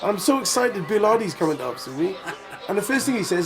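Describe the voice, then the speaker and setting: A middle-aged man in a band, telling stories in a lively, laughing way during a casual interview. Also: sits high, fast, over music. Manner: animated, laughing storyteller. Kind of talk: casual storytelling chat.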